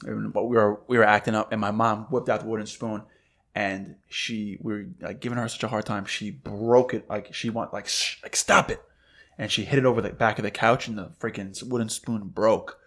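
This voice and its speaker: A man's voice: fairly low pitch, fairly quick. A man co-hosting a podcast, telling childhood stories in casual chat and acting out the quotes. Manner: animated storytelling, acts out quotes. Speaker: podcast co-host.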